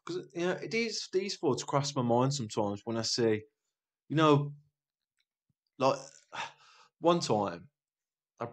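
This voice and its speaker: A man's voice: mid-range voice, takes it slowly, pauses often. Man telling a sweary story. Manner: swearing storyteller, speeds up when excited. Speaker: podcast co-host. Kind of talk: casual chat.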